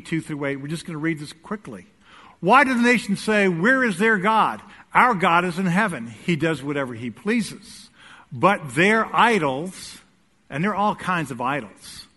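A male pastor preaching a sermon in a church, swinging between loud urging and quiet asides. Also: a little high. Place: church sanctuary. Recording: echoey hall.

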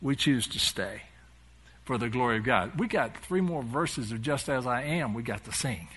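A man's voice: medium pitch, animated, normal speed, a bit bright, slightly rough. A male pastor preaching a sermon, animatedly retelling a story and acting out its dialogue.

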